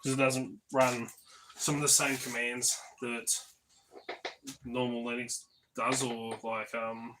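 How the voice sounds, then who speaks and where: A man's voice: mid-range voice, little pitch movement, takes it slowly, long pauses, background noise. A man hosting a casual live stream, rambling along with lots of ums and restarts, laid-back and swearing offhandedly.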